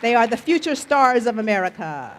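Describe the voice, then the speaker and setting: A middle-aged woman telling folktales live in a festival tent, playful and animated, joking with the audience and leading them in refrains. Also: a little high, fairly quick, slight background noise. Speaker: storyteller. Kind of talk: live storytelling performance. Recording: faint audience crowd behind. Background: faint crowd of listeners.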